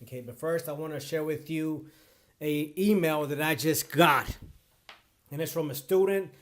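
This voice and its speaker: Earnest, emphatic man, slightly high voice. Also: normal speed. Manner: earnest, emphatic, repeats points. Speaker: bar exam tutor. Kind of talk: direct-to-camera talk.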